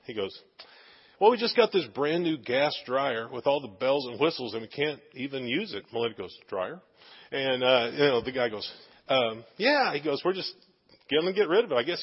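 A man's voice: medium pitch, moderate pace, breathy edge. Man telling a sermon story in a hall. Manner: animated anecdotal, many fillers. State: tearful. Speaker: preacher sharing a testimony. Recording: dull sound in a reverberant hall.

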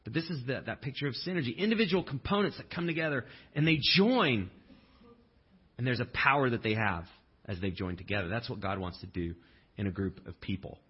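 A male pastor delivering a sermon in a relaxed, conversational way, with humorous asides and acted-out quotes. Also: mid-range voice, fairly quick, breathy edge, muffled recording.

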